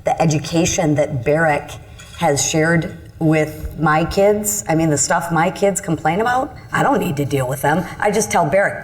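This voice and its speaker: A middle-aged woman from Michigan speaks on a discussion panel as a congresswoman. Her voice sits a little low, and she tells her story earnestly and candidly, often faulting herself. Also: moderate pace.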